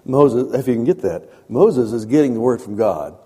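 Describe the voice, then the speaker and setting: A man preaches a sermon, talking to his listeners like a conversation and repeating phrases as he builds his points. His voice is mellow and a little husky, dropping to soft asides and rising to emphatic lines. The sound carries a long reverb like a large hall. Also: medium pitch, lively intonation, moderate pace.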